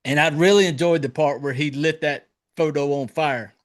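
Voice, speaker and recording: Speaking at a moderate pace in a slightly high voice, this podcast host keeps things casual. His storytelling is profane and lively, full of swearing, and he performs the quotes as he goes.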